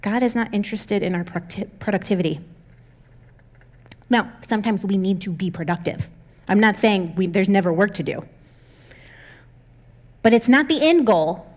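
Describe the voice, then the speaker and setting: A woman's voice: medium pitch, normal speed, long pauses. A young adult woman pastor giving a conversational sermon, candid and self-deprecating, often laughing as she talks.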